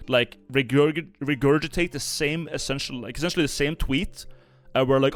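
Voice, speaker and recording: A man's voice: medium pitch, moderate pace. A young Norwegian man giving casual stream commentary, rambling with many fillers and restarts. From Norway.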